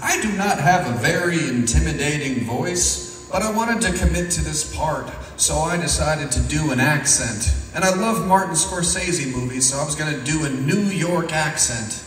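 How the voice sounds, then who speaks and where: A young man doing a self-deprecating stand-up comedy set with a deadpan delivery on stage. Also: a little high, moderate pace, hardly any pauses, faint music behind. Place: stage in an echoey venue. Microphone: picked up from a distance. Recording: echoey hall from far off.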